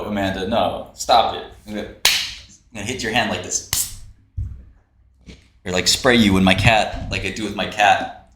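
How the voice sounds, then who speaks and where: A man's voice: lowish voice, fairly bright tone, slight background noise. A man hosting a casual livestream, ranting in a brash, profane, mocking way. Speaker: livestream host. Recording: roomy echo, faint typing.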